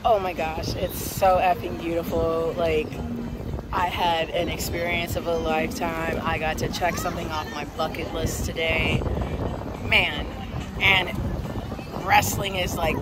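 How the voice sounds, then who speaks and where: A woman vlogging to her phone outdoors on vacation, hoarse with her voice nearly gone, excitedly addressing her viewers as "you guys". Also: lowish voice. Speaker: wrestling vlogger. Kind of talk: casual vlog to camera. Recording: loud outdoor background noise.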